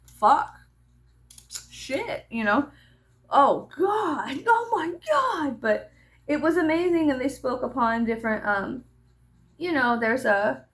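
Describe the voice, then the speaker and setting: A woman vlogger tells a story in a loose, chatty way, swearing freely and laughing as she goes. Her voice sits a little high. It has a strong gravelly fry. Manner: animated, profane, laughing asides. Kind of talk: casual storytelling chat.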